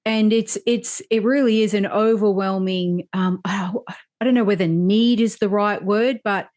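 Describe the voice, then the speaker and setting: A woman's voice: medium pitch, steady tone, moderate pace, a little mellow. Woman podcast host, earnest and reflective, keeps saying yeah. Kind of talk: casual interview.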